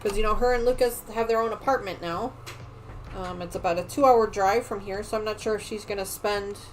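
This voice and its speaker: Middle-aged woman, quilting stream host, casual rambling chat, mid-pitched, faint hiss behind. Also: brisk, low-quality recording. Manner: chatty and rambling, trails off into quiet muttering while working. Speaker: sewing livestream host.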